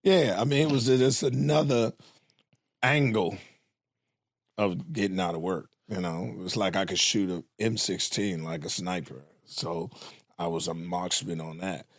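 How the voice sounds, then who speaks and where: A man, a comedian guest, telling stories in a laid-back, deadpan way during a casual chat. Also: low-pitched, measured pace, dry recording, clean studio sound.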